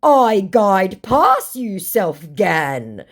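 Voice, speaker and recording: A woman voicing a boastful young male online scammer, who taunts in slow, drawling broken pidgin. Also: mid-range voice, big pitch swings, voice pushed up, heavily acted. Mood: taunting.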